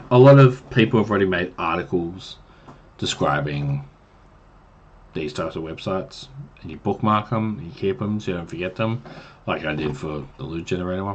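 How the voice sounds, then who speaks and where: A man's voice: low-pitched, slight background noise. A man casually giving tips to new game masters on a livestream, rambling and chatty with many fillers. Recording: dull lo-fi stream mic.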